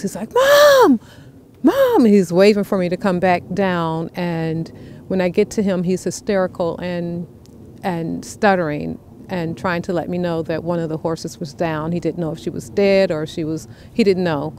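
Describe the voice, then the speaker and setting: A woman who runs a youth ranch program, speaking plainly and haltingly with frequent fillers in an interview. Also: on the low side, fairly even intonation, a little mellow, a little hiss or hum. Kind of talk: interview and hands-on instruction.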